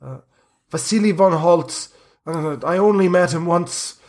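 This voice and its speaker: Shaky, high-pitched coffinmaker, as a game master plays him, stammering and pleading in terror. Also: male voice, unhurried, darkish tone. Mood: fearful. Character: terrified jittery middle-aged male coffinmaker.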